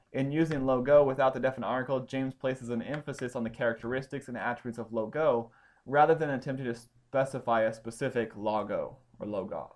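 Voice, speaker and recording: Man, bible study teacher, explanatory, asks if students follow. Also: medium pitch. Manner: explanatory, checks understanding with questions. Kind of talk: classroom teaching.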